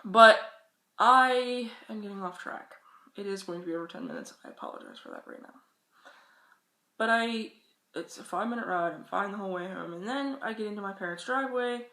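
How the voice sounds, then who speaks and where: Jeune femme bavarde dans une pièce qui résonne. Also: female voice, medium pitch, very animated, a little fast, creaky, sharp tone. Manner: rambling, chatty, swears freely. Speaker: vlogger giving advice. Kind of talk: casual advice vlog. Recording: echoey room.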